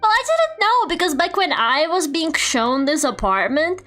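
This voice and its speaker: A woman's voice: extremely high pitch, normal speed, soft background music. A young woman streamer chatting casually while she draws, telling stories animatedly with lots of laughter and "like". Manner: animated storytelling with frequent laughter and filler "like". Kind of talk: casual live-stream chat while drawing.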